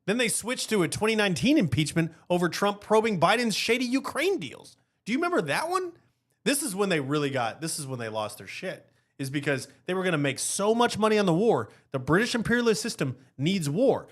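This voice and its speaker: Animated high-voiced male podcast host. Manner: animated, rhetorical, keeps asking "right?". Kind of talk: heated political commentary.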